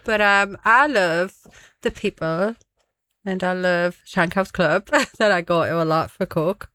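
A woman's voice: on the low side, a little slow, sharp tone. Giggly woman co-host. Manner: giggly, laughs often. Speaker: community radio co-host. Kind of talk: casual radio banter. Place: radio studio.

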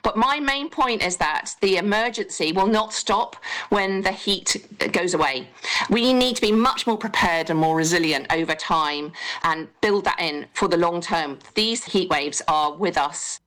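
A woman politician giving an earnest, measured comment in a news clip. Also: on the low side, a bit bright, rough recording.

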